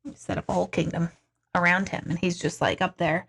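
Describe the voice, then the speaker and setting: Speaking fairly quickly in a lowish, gravelly, husky voice, an intuitive hosts a casual live stream. She reads viewer comments aloud, chatty and animated, with offhand swearing and lots of laughter.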